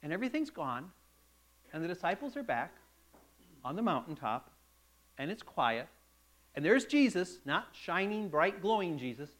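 A man's voice: fairly high pitch, big pitch swings, moderate pace, pauses often, a bit bright. A male preacher delivering a sermon, telling a Bible story dramatically and acting out the quotes.

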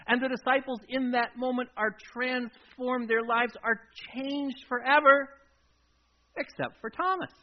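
A man preaching a sermon as a pastor, telling the story dramatically and swinging between loud emphasis and a near-hush. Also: very high voice, steady tone, unhurried. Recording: dull lo-fi recording.

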